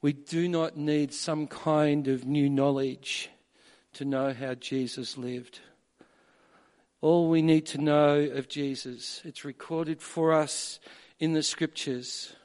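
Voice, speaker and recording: A man preaching a sermon, measured at first and building to emphatic peaks. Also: on the high side, a little mellow. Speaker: pastor.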